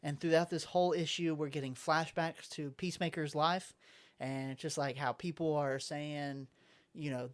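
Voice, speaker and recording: A man's voice: fairly high pitch, fairly even intonation, moderate pace. Man rambling through a comic recap. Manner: rambling, acts out quotes. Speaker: podcast co-host. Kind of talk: casual chat, recapping comics. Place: home nursery room.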